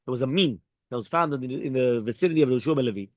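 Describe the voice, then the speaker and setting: A man's voice: rapid-fire, dry recording. A man teaching a daily Talmud class, mixing Hebrew and Aramaic phrases into his English explanation and acting out the dialogue. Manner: acts out dialogue with raised pitch. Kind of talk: Daf Yomi Talmud class.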